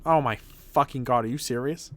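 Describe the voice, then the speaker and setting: A man's voice: mid-range voice, normal speed, a bit bright. A man streaming a game as a vtuber, chatting casually as he plays, thinking aloud and swearing when things go wrong. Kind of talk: casual gameplay commentary.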